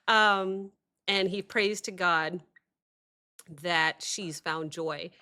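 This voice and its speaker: A woman hosting a music reaction video, talking reflectively in a halting way with many pauses and fillers. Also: medium pitch, pushed and bright. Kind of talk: casual reaction commentary.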